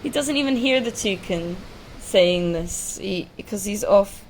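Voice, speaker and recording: A woman telling a folk tale live, relaxed and chatty with asides to her listeners. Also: mid-range voice, measured pace, a little hiss or hum, rough recording. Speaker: storyteller. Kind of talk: live oral storytelling.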